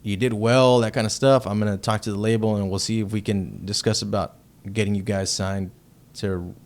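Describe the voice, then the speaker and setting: A man from Texas, a heavy metal band member, telling a story as a podcast guest in a loose, profane and excitable way. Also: fairly low pitch, normal speed. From Texas, United States. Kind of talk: casual storytelling chat.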